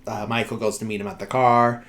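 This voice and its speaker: A man's voice: fairly low pitch, flat delivery, brisk, fairly bright tone. A man hosting a podcast, casually recapping a film scene by scene, with lots of "uh" and "like". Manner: rambling, filler-heavy, many "like" and "uh". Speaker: podcast host.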